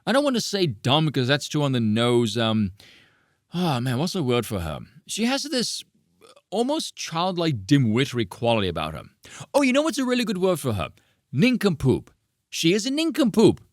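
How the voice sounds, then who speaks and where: A man's voice: medium pitch, wildly swooping pitch, moderate pace, no room sound, studio quality. A man ranting sarcastically as a political reaction commentator, mocking and exasperated.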